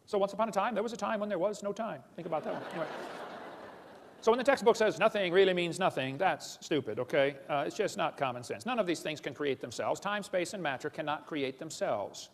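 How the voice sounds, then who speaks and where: A man's voice: high-pitched, lively intonation. A man giving a blunt, mocking lecture to an audience, often calling ideas stupid and talking down to them as boys and girls. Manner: rapid-fire, addresses audience as boys and girls. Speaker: creationist lecturer. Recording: lecture hall reverb.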